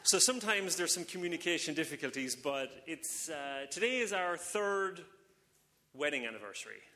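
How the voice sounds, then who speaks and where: A man's voice: on the high side, expressive, normal speed, long reverb tail, background noise. A man in his thirties with a British accent, a visiting church speaker chatting and joking casually with the congregation. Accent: British English. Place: church service in front of a congregation.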